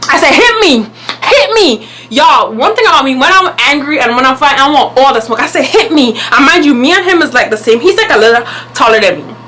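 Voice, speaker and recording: Animated young woman telling a story. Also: sits high, quick pace, few pauses, a little hiss or hum, poor audio. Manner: animated, emphatic, indignant retelling. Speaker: vlogger. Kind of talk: casual storytime.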